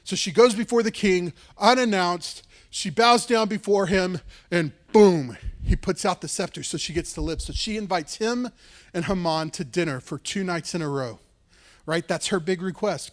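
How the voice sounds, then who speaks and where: A male pastor retelling a story in a sermon, casual and lively, with frequent "like" and "right". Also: high-pitched, moderate pace.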